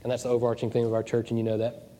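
A man's voice: medium pitch, monotone, rapid-fire, warm tone, slight background noise. A man preaching a sermon as pastor of his church, joking and digressive as he goes. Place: church hall. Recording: long church reverb.

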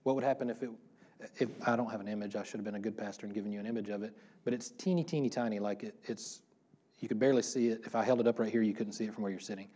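A man's voice: fairly low pitch, rapid-fire, warm tone. A man pastor giving a casual, interactive sermon, asking the congregation questions and laughing often. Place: church room before a congregation.

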